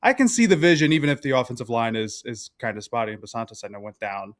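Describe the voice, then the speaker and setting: Young guy guesting on a football podcast, middle pitch, talks it through steady with lots of likes and uhs. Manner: measured, analytical, with fillers. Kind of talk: casual sports analysis.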